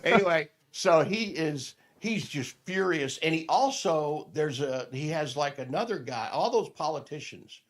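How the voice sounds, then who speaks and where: Middle-aged male radio host, lively storyteller who slips into characters, pitch bouncing all over, a bit high. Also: a little slow, few pauses. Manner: animated storyteller acting out voices, laughing. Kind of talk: storytelling in a podcast interview.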